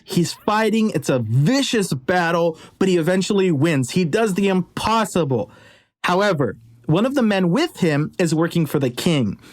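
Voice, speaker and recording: A man retelling a legend in a casual, conversational way with jokey asides. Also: high-pitched. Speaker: storyteller. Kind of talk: casual storytelling.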